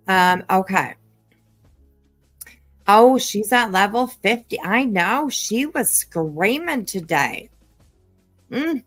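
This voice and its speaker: A woman's voice: medium pitch, big pitch swings, takes it slowly, pauses often, no room sound. A woman hosting a casual live-stream commentary, chatty and sarcastic, thanking viewers by name. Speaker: commentary channel host. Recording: dry close mic, faint music.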